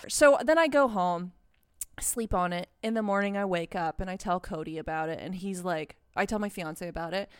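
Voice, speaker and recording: A young woman telling a story in casual chat, animated and swearing, with lots of "like". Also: fairly low pitch, normal speed, clean tone. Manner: animated, swearing, heavy use of "like". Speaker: podcast co-host.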